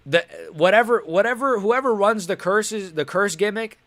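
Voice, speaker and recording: A man's voice: high voice, moderate pace, fairly bright tone, no room sound. A young man hosting a live stream, reacting in casual, rambling talk, frustrated and swearing. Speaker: livestream host.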